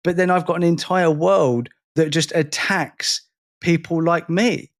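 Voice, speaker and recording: A man's voice: a little high, fairly even intonation, measured pace. A man co-hosting a podcast, speaking emphatically and venting his frustration at length in casual conversation. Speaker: podcast co-host.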